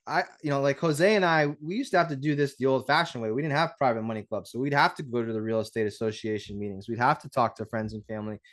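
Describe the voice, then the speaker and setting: A man coaching an audience on a livestream. He talks in an animated, conversational way, restarting sentences and tagging on "right?". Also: medium pitch, quick pace, few pauses. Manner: animated, conversational, acts out dialogues; frequent restarts and rhetorical "right?". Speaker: real estate investing coach. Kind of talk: livestream teaching talk.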